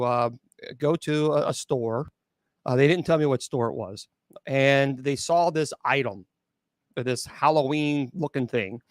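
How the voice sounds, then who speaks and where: A man, a bishop and exorcist, telling a spooky true story at an open mic, halting with restarts and incredulous asides. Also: a little high, no echo, studio quality. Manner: halting, with many restarts and fillers.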